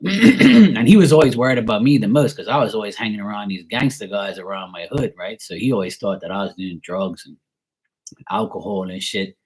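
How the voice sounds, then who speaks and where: A man's voice: fairly low pitch, a little fast, husky. Man in his forties, from Bermuda, casual storytelling, rambling, blunt, swears a lot. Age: 40s. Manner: rambling, blunt and heavily profane, many fillers. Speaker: tarot reader streaming live.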